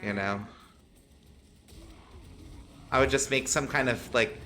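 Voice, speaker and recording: A man's voice: mid-range voice, steady tone, a little slow, pauses often, bright, forceful tone, a little hiss or hum. A man streaming a game, chatting casually, swearing and laughing often. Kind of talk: casual gaming chat.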